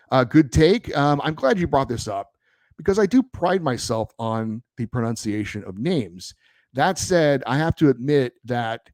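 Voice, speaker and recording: A man's voice: medium pitch, darkish tone, dry recording. A man hosting a sports podcast, reading and answering listener mail in a conversational, argumentative way. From born in Hawaii, raised in California. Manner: conversational, pushes back, many fillers. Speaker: podcast host. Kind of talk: casual hockey podcast, reading listener feedback.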